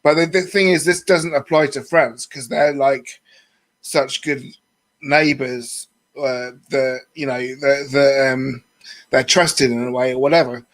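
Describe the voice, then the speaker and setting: A man's voice: medium pitch, steady tone, measured pace, a bit bright. Rambling man on a phone call. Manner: chatty, rambling, many fillers. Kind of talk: casual video call chat. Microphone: phone on a video call.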